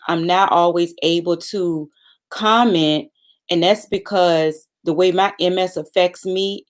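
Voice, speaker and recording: A woman speaking as a guest on a livestream, soft-spoken and halting, pausing on fillers. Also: lowish voice. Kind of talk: casual livestream chat.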